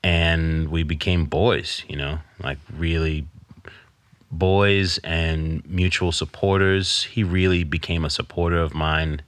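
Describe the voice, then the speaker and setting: A middle-aged man, a podcast guest, telling a personal story in candid conversation and quoting others with lively put-on voices. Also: low-pitched, takes it slowly, dry recording. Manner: storytelling, quotes his father in animated voice.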